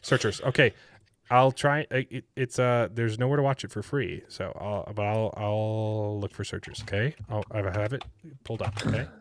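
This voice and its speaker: A man's voice: fairly low pitch, fairly even intonation, normal speed, slight background noise. A man hosting a podcast in casual chat, rambling with frequent restarts and laughter. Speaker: podcast host.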